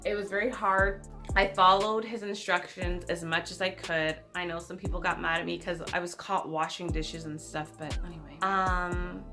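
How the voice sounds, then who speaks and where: A woman in her thirties tells a personal story to camera in a vlog. She is animated and acts out what others said. Her voice sits low yet sounds bright and forceful, with soft music underneath. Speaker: vlogger.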